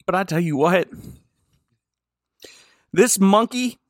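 A man co-hosting a podcast, recapping a short film in casual comedic chat with deadpan delivery and lots of giggling. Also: sits high, slow, dry recording, studio quality. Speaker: podcast co-host.

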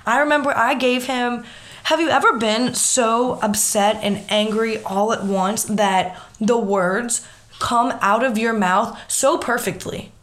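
A young woman telling a story in casual chat, animated and swearing freely. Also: a little high, measured pace.

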